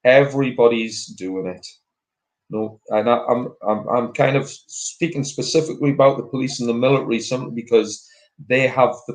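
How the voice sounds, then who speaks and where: A man speaking as a guest in a casual talk, earnest and halting, with many fillers and restarts. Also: medium pitch, a little mellow, rough recording. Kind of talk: casual political chat.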